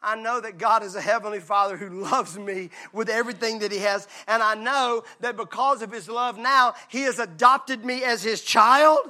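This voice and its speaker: A male pastor with a high-pitched, bright and forceful voice delivers a sermon. He preaches emphatically, dropping to hushed intimacy and then rising to shouts. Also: moderate pace, hardly any pauses.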